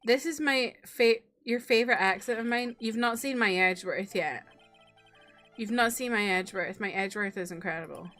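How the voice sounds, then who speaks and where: A woman's voice: mid-range voice, moderate pace, sharp tone, faint music behind. A woman streamer giving playful, wry commentary while playing a game. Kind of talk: casual gameplay commentary.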